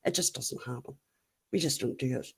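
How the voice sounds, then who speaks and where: A woman's voice: rumbling low, a little fast, creaky, slightly rough. A middle-aged Irish woman chatting casually as she answers live comments, blunt and laughing often. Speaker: YouTube livestream host.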